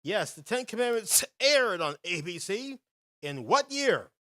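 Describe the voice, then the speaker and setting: A young man runs a quiz round on his podcast, reading out answer choices and players' picks like an energetic announcer and humming filler while he waits. His high voice is sing-song, bright and forceful, at a slightly slow pace. It's studio quality with no echo.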